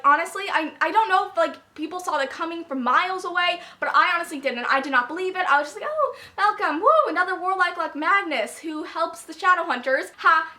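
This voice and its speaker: A young woman reviewing a book in a casual vlog, gushing and excitable, with lots of fillers and laughter. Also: high voice. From United States.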